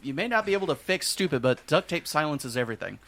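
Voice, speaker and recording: A man's voice: a little high, sing-song, fast talker, a bit bright. A man co-hosting a casual podcast, making blunt, sarcastic jokes. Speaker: podcast co-host. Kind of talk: casual bar-talk podcast chat.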